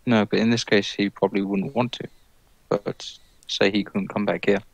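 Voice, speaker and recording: Low, flat, gravelly male player; dry close sound, matter-of-fact. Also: normal speed, dry recording, low-quality recording. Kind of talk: playing a tabletop game.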